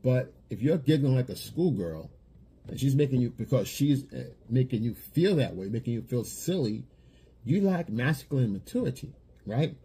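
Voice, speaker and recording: A man's voice: medium pitch, animated, normal speed, dark tone, breathy edge. A man giving blunt dating advice in a lecturing monologue, often repeating himself. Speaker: dating coach.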